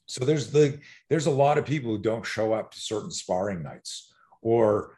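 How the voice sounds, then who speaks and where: A man with a fairly low voice talks like the fight coach he is, in a loose, conversational flow. He tells stories with energy, drops the odd curse word and often starts his sentences over. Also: normal speed. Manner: animated storyteller, swears, frequent restarts. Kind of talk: casual podcast conversation.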